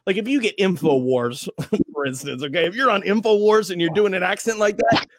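A radio host in a relaxed podcast chat, a man with a slightly raised voice who rambles through his stories. The sound is dry and close, with no room around it. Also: high voice, fairly quick, no room sound. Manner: loose, rambling, animated storytelling. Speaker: morning radio host, guest.

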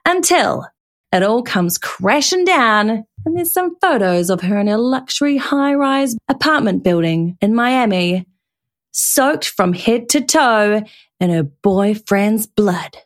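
A woman's voice: fairly high pitch, expressive, takes it slowly. A young woman with a New Zealand accent, co-hosting a podcast and playfully telling a true-crime story in casual chat. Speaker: podcast co-host.

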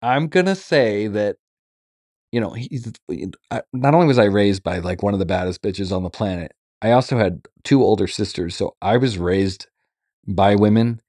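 A man's voice: fairly low pitch, normal speed, a little mellow, no echo, studio quality. A man talking as a podcast guest over a phone, rambling, joking and swearing freely in casual chat. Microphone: remote call on a phone.

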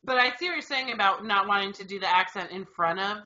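Bright-voiced chatty woman. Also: medium pitch, fast talker, highs cut off. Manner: chatty and relaxed, tells anecdotes. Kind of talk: casual chat.

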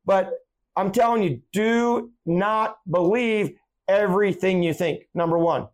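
Male podcast host, higher voice, animated storyteller in casual monologue. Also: unhurried. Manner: animated, tells anecdotes acting out quotes.

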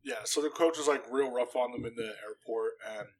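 A man's voice: medium pitch, fairly quick, slight background noise, low-quality recording. A man co-hosting a casual podcast, chatting in a laid-back way. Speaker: podcast co-host. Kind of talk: casual chat.

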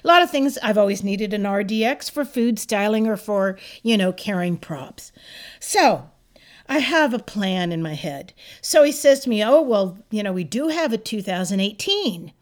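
A woman of sixty-seven telling a personal story in a casual, animated and exasperated way. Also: mid-range voice, normal speed. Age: 60s.

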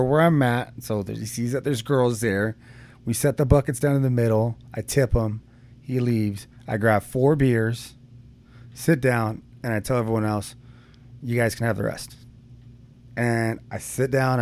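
A young man in casual conversation tells a story at an easy, rambling pace. He swears freely and leans on fillers. His pitch sits in an ordinary middle range. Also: darkish tone. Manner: rambling, laid-back, frequent swearing and fillers. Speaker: podcast co-host.

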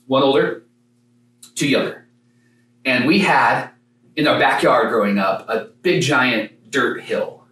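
A man's voice: medium pitch, recorded from a distance. Man preaching in an echoey room. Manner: dramatic storytelling with pauses, rising to shouts. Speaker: pastor. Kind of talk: sermon.

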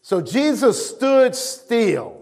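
A man preaching a sermon, reading scripture aloud and acting out the voices with emphatic, drawn-out delivery. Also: very high voice, big pitch swings, a little mellow, breathy edge. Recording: long hall reverb.

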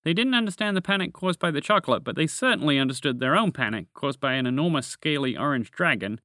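A man narrating a children's storybook tale as the podcast host, in a gentle, measured reading voice. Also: fairly high pitch, expressive, no room sound, studio quality.

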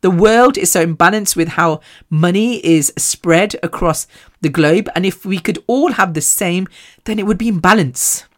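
A woman hosting a podcast, talking casually and telling animated stories with frequent laughs. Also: fairly low pitch, moderate pace. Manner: chatty, animated storytelling; laughs often. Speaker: podcast host. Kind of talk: casual chat.

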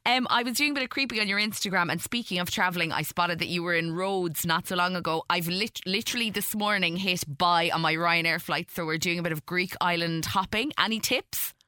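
A woman's voice: fairly low pitch, fairly quick, few pauses, bright, forceful tone, smooth, no echo, studio quality. A woman hosting an interview, chatting in a bubbly, jokey way. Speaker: radio host, interviewer. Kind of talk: casual interview chat.

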